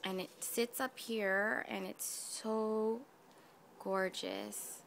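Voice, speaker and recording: A woman's voice: medium pitch, very animated, drawn-out words, creaky, a bit bright, a little hiss or hum. A woman craft vlogger gushing over gifts in a casual unboxing video, addressing her viewers directly. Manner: gushing, effusive, talks to viewers.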